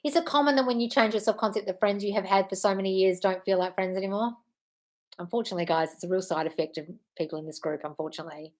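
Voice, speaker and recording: On her livestream, a manifestation coach with a mid-range voice talks fast as she tackles viewer comments. Her tone is blunt and profane, and she breaks into loud tough-love rants that scold her audience.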